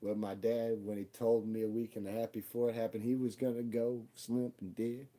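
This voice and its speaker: A man's voice: lowish voice, level tone, moderate pace, warm tone. A man in his twenties telling a personal story as spoken word, with a raw, intense and profane delivery. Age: 20s.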